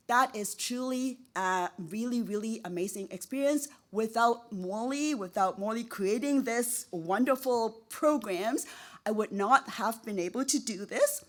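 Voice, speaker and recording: Middle-aged woman, higher voice, heartfelt self-mocking acceptance speech, stacks "really" for emphasis. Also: animated, normal speed. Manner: effusive, repeats words for emphasis; laughs at herself, emotional. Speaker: award recipient, professor.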